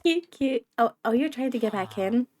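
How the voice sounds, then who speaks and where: Young woman w a cold doing chatty gaming commentary, giggles a lot, talks to the mobs, kinda high voice. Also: brisk, a little mellow. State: voice affected by a cold. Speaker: gaming video creator. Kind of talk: casual let's-play commentary.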